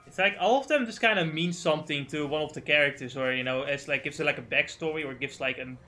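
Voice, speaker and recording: A man's voice: a little high, fast, pushed and bright. A man chatting casually during a game livestream, rambling, swearing often and stumbling over names. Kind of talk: casual gaming stream chat.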